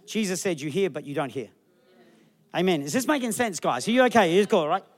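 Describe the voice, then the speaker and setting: Brief: energetic male pastor, quick delivery, slightly high voice. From Australia. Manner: animated, acts out people in the crowd with funny voices. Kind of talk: sermon.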